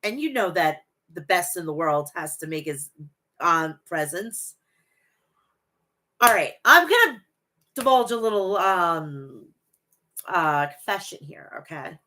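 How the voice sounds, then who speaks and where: Bright-voiced woman in her forties chatting wrestling. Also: lowish voice, big pitch swings, takes it slowly, long pauses. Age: 40s. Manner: profane, gushing and rambling. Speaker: wrestling podcast host. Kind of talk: casual chat reading live chat.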